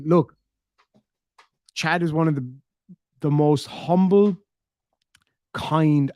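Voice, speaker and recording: A man's voice: mid-range voice, a little mellow, dry recording, studio quality. A man with an Irish accent hosting a livestream, reading out viewer donations and reacting bluntly with plenty of swearing. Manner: blunt and profane, emphatic. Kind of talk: casual livestream chat.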